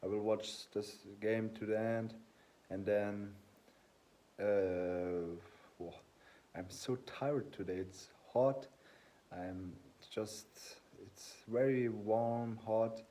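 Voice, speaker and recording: Guy in his 20s rambling on his fitness vlog, deep voice, keeps fixing his own words. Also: steady tone, mellow. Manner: rambling and halting, often correcting himself mid-sentence. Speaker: fitness vlogger. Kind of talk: casual vlog chat to camera.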